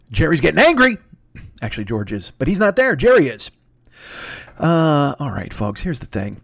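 A man's voice: mid-range voice, sing-song, a little fast, creaky, no echo, studio quality. A man hosting a podcast, delivering a rambling, profane, self-mocking comedic rant. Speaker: podcast host.

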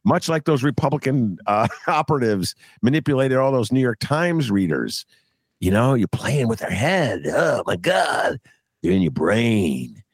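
A man, co-hosting a casual political chat podcast, rambling and animated, laughing often and full of fillers. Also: mid-range voice, normal speed, dry recording, studio quality. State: recovering from a cough. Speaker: podcast co-host and columnist.

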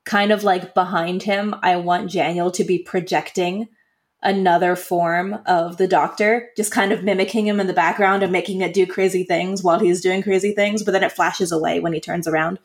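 A woman's voice: lowish voice, fairly even intonation, moderate pace. A woman playing a tabletop role-playing game, casually explaining what her character does. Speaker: player.

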